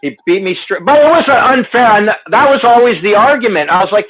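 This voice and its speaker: A man's voice: sits high, expressive, a little fast, hardly any pauses. A man telling stories in a casual chat, loose and profane, poking fun at himself. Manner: loose, profane, self-deprecating. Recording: tinny phone-like line.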